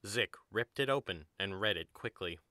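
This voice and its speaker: A man narrating an audio drama in an even storybook manner. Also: on the low side, normal speed, dry recording, clean studio sound. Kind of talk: scripted narration.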